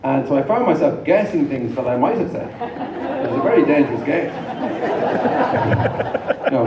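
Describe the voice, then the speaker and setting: A man's voice: mid-range voice, animated, moderate pace, pauses often, over a noisy crowd, heavy background noise. A middle-aged Irish man doing a rambling stand-up routine, stammering into repeats as the audience laughs. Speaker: stand-up comedian. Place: large comedy venue with an audience. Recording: echoey live hall recording from far off.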